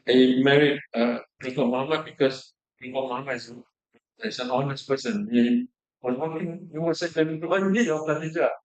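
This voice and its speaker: A man's voice: mid-range voice, darkish tone, dull audio. A man in a casual chat over tea, explaining at length with hesitant fillers.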